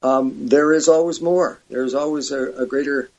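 A man's voice: mid-range voice, steady tone, a little mellow. Earnest male guest, dull lo-fi audio. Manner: earnest, halting, spiritual. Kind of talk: casual interview.

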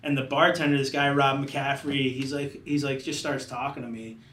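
A man of middle pitch tells his story loosely, scattering "like" fillers as a chef guest. His voice sits back from the mic in a roomy space, with faint background noise. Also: little pitch movement, moderate pace, fairly bright tone, distant mic. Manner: loose, rambling, many "like" fillers. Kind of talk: casual storytelling.

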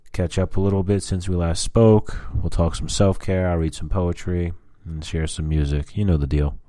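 Deep, dark-voiced man chatting casually. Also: no echo, studio quality. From US Southwest. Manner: rambling, frequent fillers and cursing. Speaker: vlogger. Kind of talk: casual personal vlog chat.

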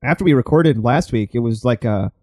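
A man hosting a loose comedy podcast, rambling through his thoughts with plenty of jokes and laughter. His voice sits at a middling pitch, and the recording is dry and close, with no room sound. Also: lively intonation, fairly quick, darkish tone, dry recording. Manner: jokey, rambling, laughs often. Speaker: podcast host. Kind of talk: casual comedy podcast chat.

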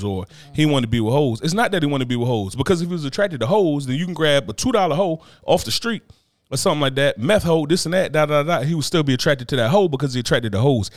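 A man's voice: medium pitch, no echo, clean studio sound. A man on a casual podcast chat, talking bluntly and with lots of profanity, often checking in with "you know what I mean". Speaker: podcast co-host.

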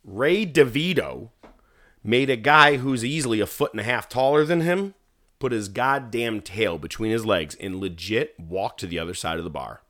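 A man telling a story in casual chat, animated and profane, acting out what people said. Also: medium pitch, moderate pace. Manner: animated, profane, acts out quotes. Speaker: guest musician telling a story.

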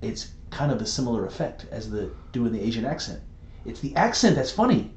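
A man co-hosting a casual podcast chat, rambling and animated, laughing easily as he tells stories. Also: mid-range voice, fairly quick, reverberant, a little hiss or hum. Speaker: podcast co-host.

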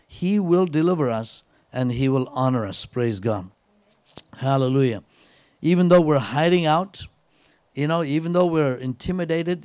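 A man preaching a sermon in a fairly high voice, weaving a personal story around a repeated scripture line. He keeps dropping in "praise God" and "hallelujah" between phrases. The sound is dry and close, with little room around it. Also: darkish tone, dry recording. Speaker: guest preacher.

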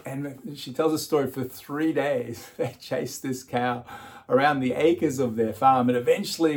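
A man's voice: medium pitch, vocal fry. A man preaching an Easter sermon. He chuckles often and repeats words as he starts his phrases. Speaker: pastor.

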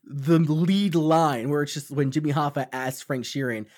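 A young man from Long Island, co-hosting a casual podcast chat, animated and swearing freely while acting out quotes. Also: a little high, measured pace, few pauses. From Long Island, New York. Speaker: podcast co-host.

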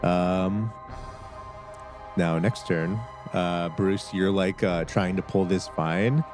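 Laid-back deep-voiced game master. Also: male voice, steady tone, takes it slowly, music in the background. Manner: laid-back, laughs often. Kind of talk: narrating a tabletop game.

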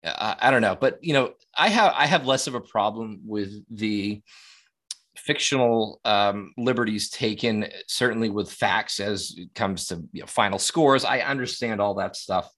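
A man's voice: on the low side, moderate pace, fairly bright tone. Rambling, profane man chatting on a podcast. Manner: rambling, profane, many restarts. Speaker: podcast co-host. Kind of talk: casual podcast chat.

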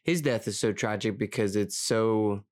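A man's voice: lowish voice, moderate pace. A man co-hosting a casual podcast, talking reflectively in a rambling way with many fillers. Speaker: podcast co-host. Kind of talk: casual chat.

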